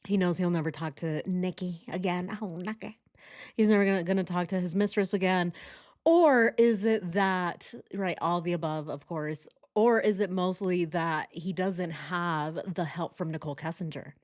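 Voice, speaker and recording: A woman's voice: lowish voice, normal speed, a little mellow. A woman chatting casually and joking as she comments on a true crime video, laughing often.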